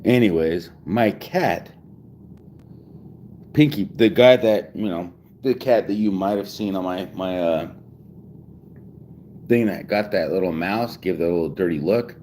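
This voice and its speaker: A man's voice: deep voice, measured pace, pauses often, darkish tone, a little hiss or hum. A man in his forties talking casually at home, rambling with lots of swearing and restarts. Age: 40s. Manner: profane, rambling, restarts often. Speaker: vlogger.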